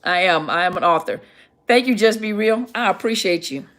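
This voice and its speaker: A woman's voice: medium pitch, normal speed, fairly bright tone. A middle-aged woman, a counselor, hosting a casual livestream Q&A, chatty and greeting viewers by name as she reads their comments.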